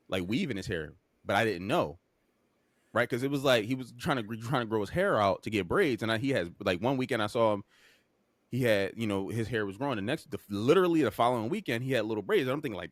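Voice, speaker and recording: A man's voice: fairly low pitch, no room sound. A young man co-hosting a podcast, telling a story with frequent profanity and emphatic delivery. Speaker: podcast co-host.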